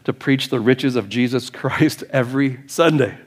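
A man with an American accent, preaching a sermon as pastor, growing impassioned and pleading as he goes. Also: normal speed. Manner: impassioned, rising to urgent high-pitched pleading.

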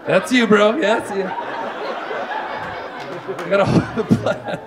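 A man's voice: high-pitched, a little slow, long pauses, background noise. A man doing self-deprecating stand-up comedy on a live stage, talking to the audience. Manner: animated, self-deprecating, lots of asides. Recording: live show with loud crowd. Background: audience laughing.

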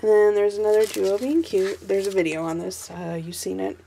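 A young woman, hoarse from allergies and short on sleep, rambling with ums and giggles as she flips through her sketchbook. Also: medium pitch, fairly even intonation, normal speed, dark tone, slight background noise. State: stuffy and losing her voice from allergies. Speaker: artist showing her sketchbook. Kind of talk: casual sketchbook flip-through vlog.

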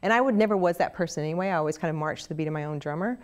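A middle-aged woman from Oklahoma with a Southern Oklahoma accent, telling stories in a casual interview, animated and chatty with many restarts. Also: sits low, rapid-fire. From Oklahoma, USA. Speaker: interview guest, actress.

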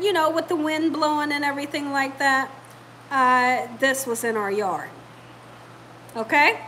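In her kitchen, a cooking channel host chats with viewers in a storytelling way as she cooks at home. Her high voice sounds pushed and bright, captured in a low-quality recording with slight background noise.

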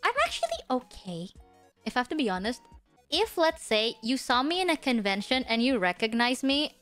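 A woman's voice: on the high side, very animated, moderate pace, faint music behind. A woman vtuber streamer chatting casually and rambling with lots of fillers and laughs, sometimes dropping to a whisper. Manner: drops to a hushed whisper at times. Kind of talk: casual livestream chat.

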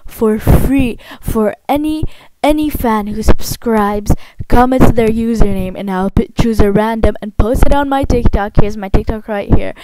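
An excitable woman gushes through her gameplay commentary, squealing again and again. Her voice sits fairly high, and a faulty home mic leaves clear noise under every word. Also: a little slow. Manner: gushing, excitable, squeals often. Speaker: gaming channel host.

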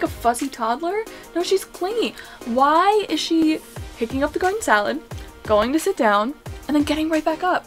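A young woman giving casual commentary on a life-sim game, excitable and anxious, talking to the characters on screen. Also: high voice. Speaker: gaming YouTuber.

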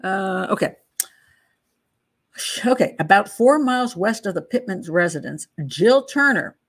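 A woman's voice: mid-range voice, lively intonation, a little slow. Woman talking through an old murder case, keeps wandering off on side stories, middle-aged. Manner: chatty and digressive, laughs at own asides. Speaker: true crime channel host. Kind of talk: casual case walkthrough, reading statements aloud.

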